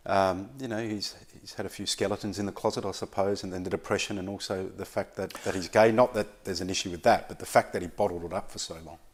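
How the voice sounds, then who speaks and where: A man's voice: sits low, fairly even intonation, quick pace, hardly any pauses. A man interviewing a guest, asking long, conversational and admiring questions.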